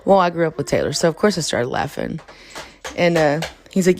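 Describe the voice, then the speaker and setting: A woman's voice: low-pitched, expressive, fairly quick, darkish tone, slight background noise. A woman, hosting a casual podcast and telling a story in a chatty, laughing way with many fillers. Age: 30s. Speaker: podcast host.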